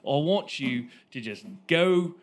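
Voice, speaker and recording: A man's voice: a little high, expressive, slow pace. A man co-hosting a podcast, playfully urging listeners with repeated requests in a casual sign-off. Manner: playful, repetitive exhortations to listeners. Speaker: podcast co-host.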